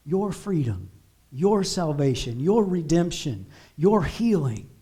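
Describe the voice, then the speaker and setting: A male pastor preaches a sermon in an unhurried, measured cadence. His voice sits a little high for a man, and he builds his points through emphatic repeated declarations. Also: very animated, mellow, slightly rough. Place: church sanctuary.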